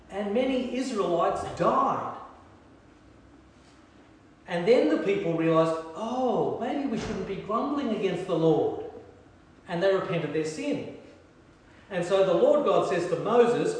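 Preacher in an echoey hall. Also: male voice, high voice, measured pace, pauses often, a little hiss or hum. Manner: animated storytelling, shifting from soft hushed emphasis to lively humor. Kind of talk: sermon. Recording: echoey hall, distant mic.

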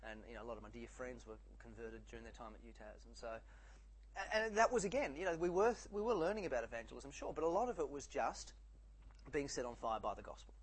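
A man's voice: medium pitch, quick pace, breathy edge. A middle-aged man giving a sermon, conversational, with many restarts and jokes. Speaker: preacher.

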